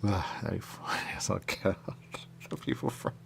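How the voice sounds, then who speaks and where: A man's voice: deep voice, moderate pace, vocal fry, fairly bright tone, slight background noise. A man hosting a radio show in loose, rambling on-air chat, drifting between thoughts and repeating stock phrases.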